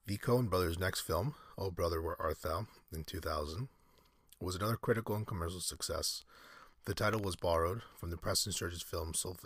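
A man's voice: deep voice, a bit bright, husky, no echo, studio quality. A man reading aloud in a casual podcast, often breaking off into rambling, self-correcting asides. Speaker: solo podcaster.

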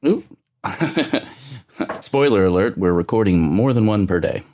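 A deep-voiced man co-hosts a relaxed podcast chat, playful and teasing. His pitch swings a lot as he talks, and he reads out tasting notes. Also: a little slow. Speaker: podcast co-host. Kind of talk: casual chat.

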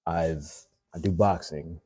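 A man in his thirties from Haiti, an actor chatting casually in an interview, animated and full of filler words. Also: low voice, takes it slowly, breathy edge. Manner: animated, fillers like "like" and "you know". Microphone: phone live stream.

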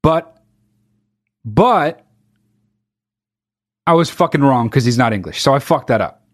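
Profane, animated male podcast host. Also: mid-range voice, a little slow. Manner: profane, sarcastic, reads headlines mockingly. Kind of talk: casual comedic podcast rant.

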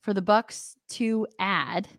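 A woman's voice: mid-range voice, takes it slowly, no room sound, clean studio sound. A woman co-hosting a sports podcast, explaining things in a casual, conversational way while searching for words.

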